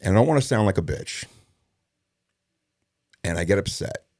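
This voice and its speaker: A middle-aged man, a former police detective, telling a story in a casual interview, profane and animated, acting out the dialogue. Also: deep voice, moderate pace, no room sound, studio quality.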